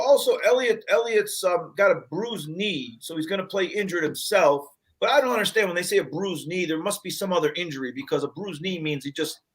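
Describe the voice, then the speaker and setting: A man's voice: high-pitched, fairly bright tone. An older man co-hosting a sports betting show, rambling casually through player stats and stories. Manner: rambling, restarts, retells movie scenes.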